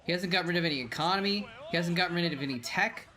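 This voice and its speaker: A man's voice: high-pitched, rapid-fire, pushed and bright. A man streaming a watch party of old pro games, giving casual commentary and chatting with viewers in a rambling, easygoing way. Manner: rambling, chatty, reading chat aloud. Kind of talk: casual game commentary and chat.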